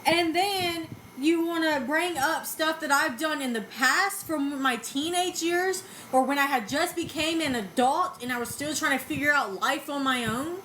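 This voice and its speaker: A woman's voice: sits high, unhurried, hardly any pauses, a bit bright, a little hiss or hum, low-quality recording. A woman, talking back bluntly to videos about herself, defensive and swearing freely. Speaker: vlogger reacting to videos. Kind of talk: casual reaction commentary.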